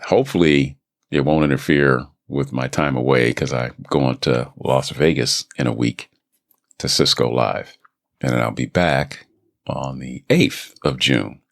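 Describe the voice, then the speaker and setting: A man's voice: very deep voice, measured pace, creaky. A man hosting a voice-acting podcast, talking casually and rambling into a studio microphone. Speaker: podcast host and voice actor.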